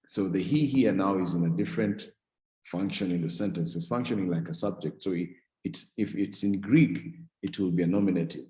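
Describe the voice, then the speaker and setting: A man's voice: deep voice, mellow, roomy sound, poor audio. A man teaching a Greek grammar class, explaining step by step and often restarting and correcting himself. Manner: explains slowly, with frequent restarts and self-corrections. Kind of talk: classroom lecture.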